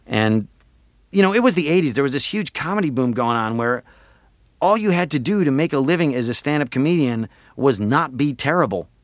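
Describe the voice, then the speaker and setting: A man, a voice actor and comedian, talking in a casual interview with animated, jokey delivery and lots of filler words. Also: mid-range voice, fairly quick, no echo, studio quality.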